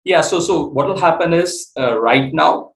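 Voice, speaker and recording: A man, a startup CEO, explaining his business in an interview, halting with many fillers and restarts. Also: fairly high pitch, creaky, rough recording. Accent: Indian English.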